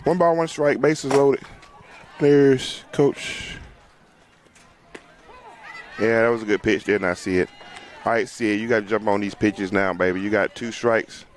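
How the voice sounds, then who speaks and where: Casting: a man, easygoing sideline softball commentator, chatty, talks straight to viewers and players. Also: on the low side, measured pace, pauses often. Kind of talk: casual play-by-play commentary. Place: outdoors at a softball game.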